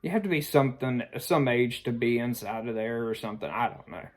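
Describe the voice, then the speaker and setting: A man's voice: medium pitch, brisk. A man casually telling a personal story, rambling and sheepish, filling his talk with "like" and "I mean.". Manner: self-conscious, sheepish.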